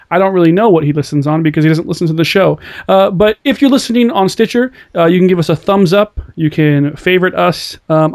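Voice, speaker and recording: A man's voice: fairly high pitch, darkish tone. A man co-hosting a casual podcast, upbeat and jokey, rambling through show plugs. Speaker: podcast co-host.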